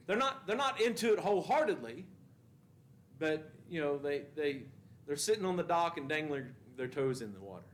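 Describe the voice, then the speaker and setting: A man's voice: medium pitch, slight background noise. A man teaching a Bible class at church, asking the class questions and reading scripture with emphasis.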